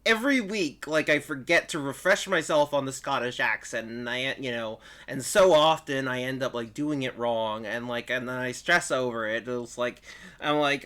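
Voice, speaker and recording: A man's voice: medium pitch, moderate pace, bright, forceful tone. A man who does voice acting, chatting casually and laughing through a game playthrough, rambling with lots of fillers. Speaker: voice actor voicing a game playthrough. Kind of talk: casual let's-play chat.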